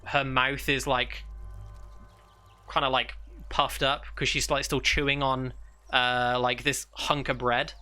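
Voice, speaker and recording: A man's voice: mid-range voice, level tone, slow, sharp tone, clear, resonant tone. A man narrating a tabletop game as game master in a rambling, casual way, full of "like" and "uh". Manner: rambling, with many "like"s and "uh"s. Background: fantasy ambience music.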